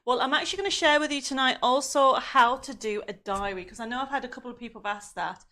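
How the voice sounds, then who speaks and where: A woman's voice: high voice, fast, bright, forceful tone. A woman hosting a live craft show from her home studio, chatting and reading out viewers' greetings, with a slightly strained voice. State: coughing, voice going. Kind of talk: live-stream chat reading viewer comments.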